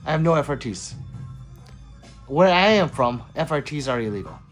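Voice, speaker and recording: A man with a fairly high, animated voice hosts a casual livestream, reading out viewer comments and answering them with easy laughs. Faint music plays low behind him. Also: normal speed. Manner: chatty, laughs often, reads comments aloud in a lively voice. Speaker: livestream host reading chat.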